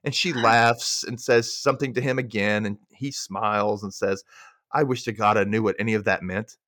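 A man co-hosting a podcast, recapping a sitcom episode and acting out the characters' lines with animated delivery. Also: on the low side, moderate pace, no room sound, studio quality. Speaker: podcast co-host.

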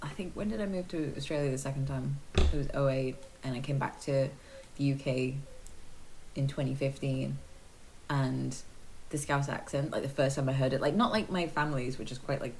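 A woman with a Liverpool accent, co-hosting a podcast and chatting casually, telling stories with quick asides. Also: extremely low pitch, darkish tone, slight background noise, poor audio. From England. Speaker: podcast co-host. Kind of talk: casual chat.

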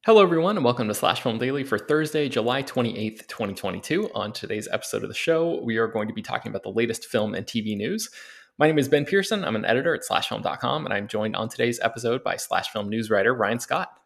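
A man hosts a film news podcast. He talks in a relaxed, loose way and fills pauses with ums and uhs. His voice sits at an ordinary middle pitch. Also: gravelly. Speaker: podcast host and film editor. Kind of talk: casual podcast chat with read ads.

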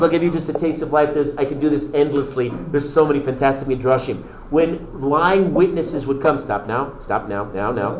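A man lecturing to a class in a slightly high voice, telling stories with eager enthusiasm and answering students' interruptions. The classroom is roomy and echoes around him. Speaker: teacher.

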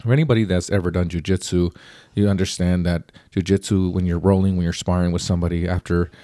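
Guy with a really low mellow voice talking about a book he liked, kinda rambly, dry close sound. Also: steady tone, fast, dry recording. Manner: rambling, repeats words and restarts. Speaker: book reviewer. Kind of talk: casual spoken book review.

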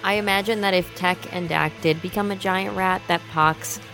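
A woman chats as a tabletop player in a dry, matter-of-fact way. Her voice is lowish and full of vocal fry. Faint music plays behind her. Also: fairly even intonation, moderate pace. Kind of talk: casual tabletop play.

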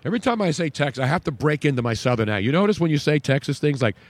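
A man's voice: fairly high pitch, lively intonation, rapid-fire, no echo. A man hosting a sports talk show, chatting and joking in a loose, rambling way. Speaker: sports radio host.

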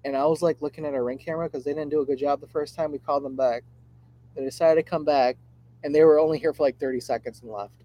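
A man's voice: on the high side, fairly even intonation, quick pace, mellow, no room sound, muffled recording. A man co-hosting a podcast, ranting bluntly and casually with plenty of swearing. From Michigan. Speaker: podcast co-host.

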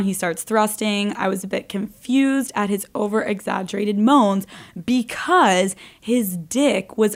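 Young woman, podcast co-host, casual crude banter, somewhat high voice. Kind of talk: casual chat.

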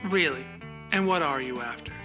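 A man's voice: fairly high pitch, expressive, moderate pace, music in the background, natural voice. A man voicing a bossy, self-important male agent boss who talks down to his assistant in a pompous, condescending way. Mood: domineering.

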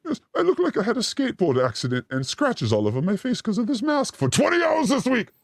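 A man's voice: huge pitch swings, fast, vocal fry, no echo. Theatrical man hosting with wild swings. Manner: playful, theatrical, swings between high and low voice. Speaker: show host. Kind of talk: comedic live-stream chat.

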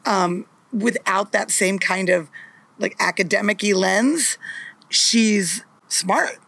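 Bright-voiced woman, chatty podcast guest. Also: mid-range voice, slow, gravelly, no room sound. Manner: chatty, animated retelling of film scenes. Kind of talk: casual chat.

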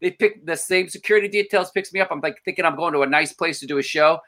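A stand-up comedian telling a story on a casual podcast, his fairly high voice bright and forward. He acts out every quoted voice in an animated way. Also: quick pace.

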